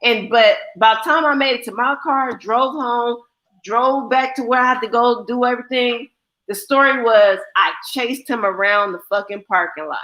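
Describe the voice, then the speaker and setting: A woman's voice: on the high side, moderate pace, a bit bright. A young adult woman hosting a livestream, telling blunt, profane stories and acting out the people in them. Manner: blunt, profane storytelling with quoted voices. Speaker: livestream host. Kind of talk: casual chat.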